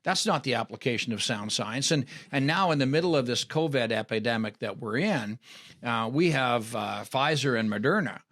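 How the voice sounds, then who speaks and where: A man's voice: medium pitch, animated, moderate pace, a bit bright. A man speaking as an agronomist guest, arguing earnestly and restarting his sentences. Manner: earnest, argumentative, repeats words when starting. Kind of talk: casual interview chat.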